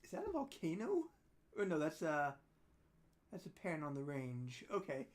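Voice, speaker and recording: Rambling woman with a low voice. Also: wildly swooping pitch, normal speed, music in the background. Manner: rambling and self-deprecating, laughing, trailing off quietly. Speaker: singer-songwriter hosting a holiday livestream. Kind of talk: casual chat between songs. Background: ukulele playing.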